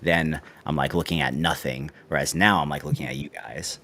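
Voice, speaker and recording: A man's voice: rumbling low, steady tone, a little fast, vocal fry. A man hosting a casual tech livestream, rambling and correcting himself as he goes. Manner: rambling, self-correcting, soft asides. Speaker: show host. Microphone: webcam setup on a video call.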